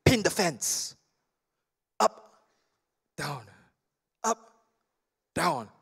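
A calm old karate master, played by a male preacher speaks in short, hushed orders. The voice drops below the preacher's high natural pitch. The words are plain and clipped. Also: very slow, gravelly, husky, full character voice. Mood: calm instruction.

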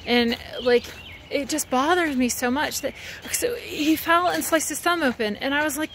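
A woman with a fairly high voice chats into her phone as she walks outdoors. She rambles in a casual way, grows heated, and leans on filler words. A faint outdoor hum runs behind her voice. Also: moderate pace, a bit bright. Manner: chatty, rambling, heated, lots of "like". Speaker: vlogger. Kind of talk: casual vlog chat while walking. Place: outdoors, walking.

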